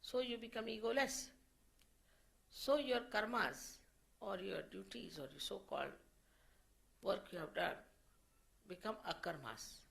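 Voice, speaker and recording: A woman teaching a spiritual lecture in a gravelly voice at a middle pitch. She explains slowly and deliberately, circling back over the same phrases as she goes. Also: fairly bright tone, rough recording.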